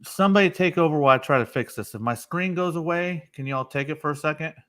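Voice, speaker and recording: A man's voice: a little high, fast, a bit bright. A man hosting a casual livestream chat, talking bluntly and with plenty of cursing. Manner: blunt, profane, conversational. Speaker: host.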